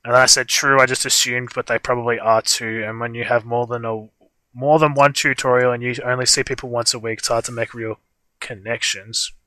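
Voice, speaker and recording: A young man co-hosts a livestream, telling a long, meandering story in casual chat with plenty of fillers. His voice has a bright edge, and the recording is dry and close. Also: mid-range voice, little pitch movement, fairly quick, no room sound. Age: young adult. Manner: rambling storytelling with frequent fillers. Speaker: livestream co-host.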